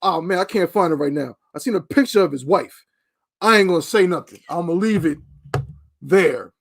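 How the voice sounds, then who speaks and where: A man co-hosting a casual talk show, telling a story with emphatic, animated delivery. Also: sits high, fairly quick. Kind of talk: casual podcast chat.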